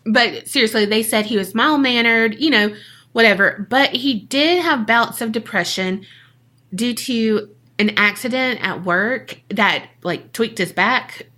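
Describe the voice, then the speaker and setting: A woman's voice: a little high, unhurried, sharp tone. A woman, co-hosting a podcast and telling a story in a casual, jokey way that is full of swearing. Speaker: podcast co-host.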